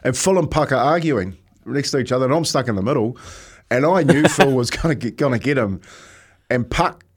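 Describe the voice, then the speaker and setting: A man with a New Zealand accent, a former teammate talking casually on a podcast. He speaks in a reflective, halting way, often says "mate", and laughs as he tells stories. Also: medium pitch, animated, slightly rough. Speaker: former rugby teammate, guest.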